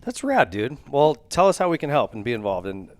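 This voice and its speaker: A man's voice: medium pitch, very animated, brisk, darkish tone, dry recording, clean studio sound. A man hosting a podcast, chatting casually and enthusiastically with lots of slang like dude and rad. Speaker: podcast host. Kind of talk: casual chat.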